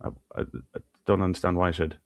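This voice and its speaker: A man's voice: low-pitched, flat delivery, quick pace, no echo. A man on a panel, arguing in casual debate with many stammered restarts. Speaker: panel guest.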